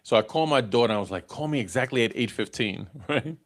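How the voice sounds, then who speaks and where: Animated and quick, a middle-aged man in the mid-range hosts a live dating podcast. He chats in a casual storytelling way, ends lines with "right?", and laughs at his own anecdotes.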